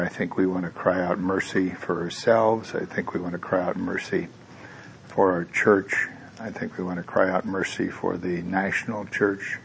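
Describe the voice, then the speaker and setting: A man's voice: deep voice, creaky, fairly bright tone, slight background noise. A man preaching a sermon, who talks in a conversational way with tag questions and then leads into prayer. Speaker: pastor.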